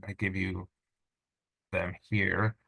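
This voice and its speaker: A man teaching a recorded lesson on Greek pronunciation, informal and patient, sounding out words slowly. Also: low voice, level tone, gravelly, sharp tone, slightly rough, low-quality recording.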